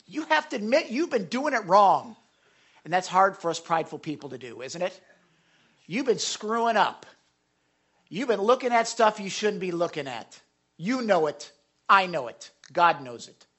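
An excitable preacher in the middle of a sermon, jumping from loud, rising exhortation to near-hushed asides. The pitch sits in a middling range, and the delivery is full of restarts and self-corrections. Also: normal speed, husky. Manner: animated, swinging between loud exhortation and hushed soft lines.

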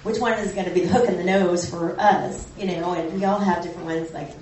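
A woman's voice: lowish voice, fairly even intonation, a little fast, darkish tone, a little hiss or hum. A woman in a church study group, giving a thoughtful, hesitant comment. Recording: echoey hall, far from the mic.

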